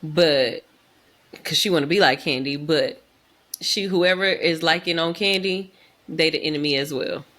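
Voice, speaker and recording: A woman's voice: sits low, a bit bright. A woman co-hosting a podcast, chatting casually and with slang about a reality show. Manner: chatty, slangy, quick to react. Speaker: podcast co-host. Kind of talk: casual reality TV recap chat.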